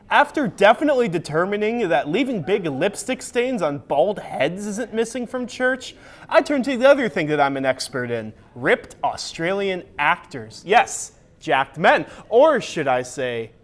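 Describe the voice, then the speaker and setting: A young man delivering a mock-grandiose comic monologue as presenter of a student show. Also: sits high. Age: young adult.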